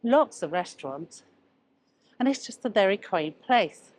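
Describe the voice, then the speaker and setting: A woman's voice: mid-range voice, animated, a little slow, darkish tone. A woman presenting a walking-tour travel vlog outdoors on a town street, chatty and a little out of breath from walking, pointing things out as she goes. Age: older. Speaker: travel vlogger.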